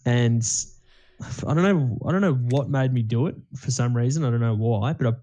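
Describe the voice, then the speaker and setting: A man's voice: medium pitch, moderate pace, dark tone. A young man, co-hosting a podcast in casual chat, rambling and swearing freely. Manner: rambling storytelling, swears freely, many fillers. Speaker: podcast co-host.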